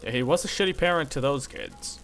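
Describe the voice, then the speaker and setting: A man's voice: medium pitch, very animated, fairly quick, gravelly, a bit bright, faint music behind, low-quality recording. A man hosting a casual stream, reading a text aloud with joking asides. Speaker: stream host.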